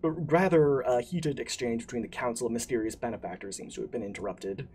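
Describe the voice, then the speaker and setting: A man narrating as game master of a streamed tabletop game, pausing often with fillers and restarts. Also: mid-range voice, darkish tone, slight background noise. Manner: halting, many fillers and restarts. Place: streaming setup.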